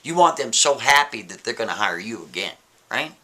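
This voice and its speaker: Animated, casual male storyteller. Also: mid-range voice, a little fast. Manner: casual, keeps asking "right?". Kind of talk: spooky story narration.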